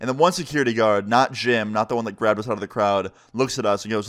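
A man telling a casual story-time vlog in an animated, slangy way, swearing freely. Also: lowish voice, fast talker, hardly any pauses. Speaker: storyteller vlogger.

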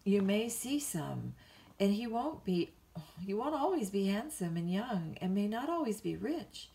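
A woman's voice: mid-range voice, sing-song, a little slow, creaky, warm tone. A woman reading a bedtime story, voicing a blunt middle-aged housekeeper who answers in a dry, scolding way. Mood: tart.

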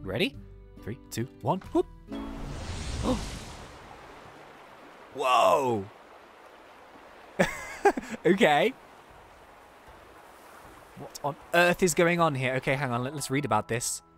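A let's-play host chatting excitedly through gameplay, laughing often and reacting out loud. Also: mid-range voice, extremely slow, long pauses, soft background music. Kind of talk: casual gameplay commentary.

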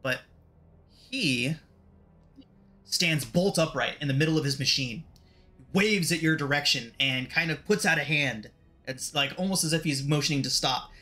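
Male game master, bright tone, loose narration with lots of "um.". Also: a little high, moderate pace, soft background music. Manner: relaxed, filler-heavy narration.

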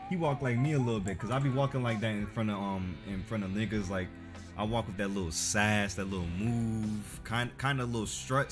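A young man streaming a horror game, giving a profane, jumpy, joking running commentary. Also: on the low side. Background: game music.

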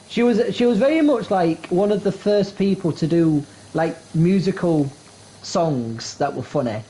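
A man's voice: on the high side, warm tone, slight background noise, poor audio. Chatty man telling stories. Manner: chatty storyteller, rambling. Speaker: co-host. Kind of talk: casual gaming chat.

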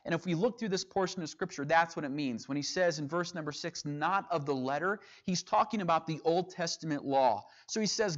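A man's voice: fairly high pitch, a bit bright. A man teaching a sermon, reading scripture aloud and explaining it verse by verse. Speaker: preacher. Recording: dull lo-fi sound.

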